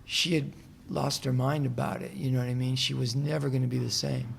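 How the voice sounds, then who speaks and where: A man talking as a guest in a casual interview in a hotel room, telling a long story in a soft-spoken, meandering way with frequent restarts. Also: mid-range voice, level tone, fairly quick, vocal fry, a little hiss or hum. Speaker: musician guest.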